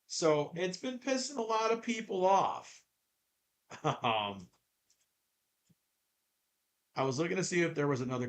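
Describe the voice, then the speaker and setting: Male podcast host, casual and rambling, stammers a lot, slow delivery, bright tone. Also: mid-range voice. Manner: rambling, stammers and repeats words. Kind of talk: casual chat.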